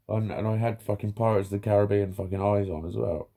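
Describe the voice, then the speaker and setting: A man's voice: on the low side, steady tone, fast talker, gravelly, mellow. A man in his fifties rambling casually in a vlog, swearing freely and chuckling to himself. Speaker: vlogger.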